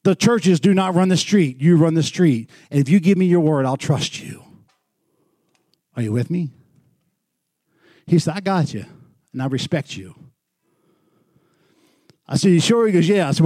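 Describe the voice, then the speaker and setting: A man preaching as a pastor, telling a story with animated swings from loud bursts to quiet, intimate passages. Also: on the high side, dry recording, studio quality. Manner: animated, swings from shouting to hushed. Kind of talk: sermon storytelling.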